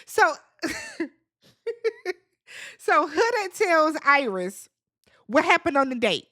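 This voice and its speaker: A woman hosting a casual reality TV recap, talking in an animated, dramatic way with slangy asides. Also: high voice, drawn-out words, long pauses.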